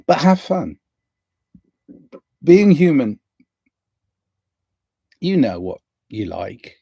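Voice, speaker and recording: A man muses aloud on his livestream about inner balance and kindness. He speaks slowly and unhurriedly, with a mellow, dark tone. The sound is dry and close, with little room echo. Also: mid-range voice. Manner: slow, musing, drifting between soft and emphatic. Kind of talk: rambling spiritual monologue. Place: indoors near a window.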